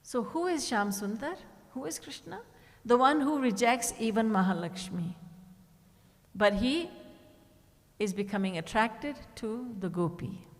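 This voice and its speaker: A woman's voice: a little high, lively intonation, measured pace, in a large hall. Woman giving a devotional discourse. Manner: storytelling, quoting characters with shifts in tone. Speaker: spiritual teacher. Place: retreat hall.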